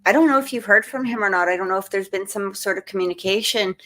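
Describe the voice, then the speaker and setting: A woman doing psychic readings on a live stream, talking gently and haltingly with many restarts. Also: mid-range voice. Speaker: psychic reader.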